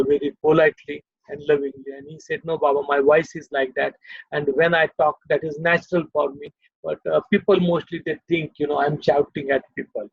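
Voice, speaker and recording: A man's voice: a little high, creaky, breathy edge, no room sound, muffled recording. An older man with an Indian English accent, telling stories from his childhood as a guest, rambling with many fillers. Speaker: guest storyteller. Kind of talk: casual reminiscing. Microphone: video call.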